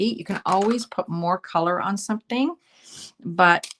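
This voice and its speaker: A woman from Canada giving a casual live card-making demonstration, chatting and thinking aloud as she colors, often dropping to a soft murmur. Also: lowish voice, a little hiss or hum.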